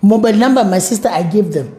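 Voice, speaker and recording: A middle-aged woman with a Kenyan accent, telling her personal story as an interview guest, animated and acting out the voices of others. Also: mid-range voice, fast talker, roomy sound. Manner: animated, acts out quoted voices, mixes in Swahili words.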